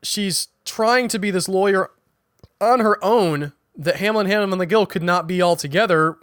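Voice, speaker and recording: The podcast host's voice is fairly high, a bit bright, and clear with a resonant tone, moving at a moderate pace as he recaps a TV episode chattily. False starts and stumbles come often, and he retells what characters said rather than quoting them. Everything sounds close and dry, free of room reverb.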